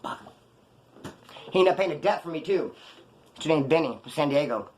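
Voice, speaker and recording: A man's voice: fairly high pitch, expressive, normal speed, a little mellow, a little hiss or hum. A man casually telling rambling, profane prison stories off the cuff, full of slang. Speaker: storyteller recounting his prison past.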